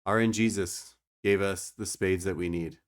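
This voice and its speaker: A man's voice: sits low, fairly even intonation, moderate pace. A young man streaming a card game, explaining his moves and joking with his chat. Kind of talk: casual gameplay commentary.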